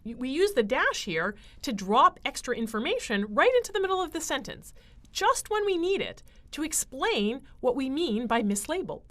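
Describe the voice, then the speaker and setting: A woman giving a writing lecture, explaining clearly with frequent fillers. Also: sits high, very animated, moderate pace, a bit bright. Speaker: writing instructor.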